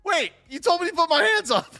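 A man's voice: extremely high pitch, very animated, brisk, gravelly, sharp tone, pitched above the performer's own voice, heavily acted. A man voicing a panicked, naked intruder caught by police, shrieking his protests and laughing through them. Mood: shrill protest.

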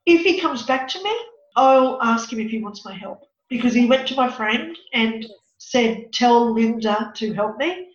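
A woman working as a psychic medium and counsellor, telling a story in an animated, dramatic way during an interview. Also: fairly high pitch, normal speed. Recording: echoey, dull lo-fi room.

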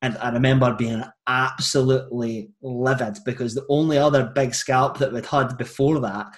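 Relaxed Scottish man hosting. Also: mid-range voice, normal speed. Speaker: podcast host. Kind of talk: casual podcast chat.

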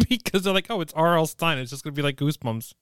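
Clear-voiced young man, blunt. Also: on the high side, expressive, quick pace, fairly bright tone. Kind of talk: casual chat.

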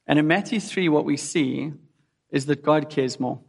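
Male preacher, earnest and direct, gravelly voice, long hall reverb. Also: on the high side, moderate pace. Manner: earnest, asks listeners direct questions. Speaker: pastor. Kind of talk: sermon.

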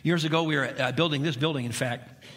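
A man's voice: on the high side, fast talker, a bit bright, long reverb tail. A middle-aged male pastor preaching a sermon in a church, emphatic, with repeated phrases and rhetorical questions. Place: church sanctuary.

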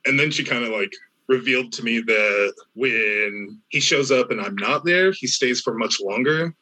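Guy with a bright tense voice telling a story, laid back, lots of likes and uhs. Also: mid-range voice, normal speed, low-quality recording. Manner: relaxed storytelling with many fillers and restarts. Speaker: storyteller in a conversation. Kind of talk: casual chat.

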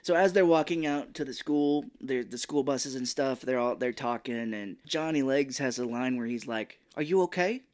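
A man's voice: medium pitch, moderate pace, few pauses. A man co-hosting a film podcast, chatting casually and acting out scenes as he retells them. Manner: animated, retells scenes in voices. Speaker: podcast co-host.

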